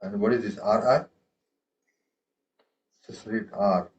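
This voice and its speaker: The tabla teacher here has a lowish voice with a steady tone and an unhurried pace, heard through dull audio with slight background noise. He guides his students patiently, often saying "okay" and "right?", and speaks the rhythm syllables aloud during the lesson.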